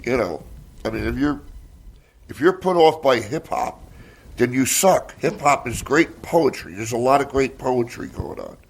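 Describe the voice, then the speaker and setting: An older man, a comedian, chatting casually and rambling through stories with lots of fillers and swearing, relaxed and mellow after a massage. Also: mid-range voice, measured pace, husky. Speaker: stand-up comedian guest. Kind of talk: casual chat.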